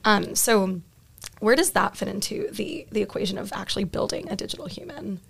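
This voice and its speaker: A woman hosts a podcast and asks her guests friendly, conversational questions. Her mid-pitched voice carries a gravelly fry. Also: lively intonation, fairly quick. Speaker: podcast host. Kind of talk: interview questions.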